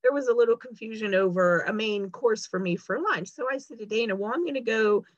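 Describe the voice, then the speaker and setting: A woman's voice: fairly high pitch, fairly quick, no echo. A woman chats as a guest and tells a long story, slipping into the voices of the people she quotes. The sound is dry and somewhat dull. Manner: chatty storyteller, acts out quoted lines. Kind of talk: casual chat.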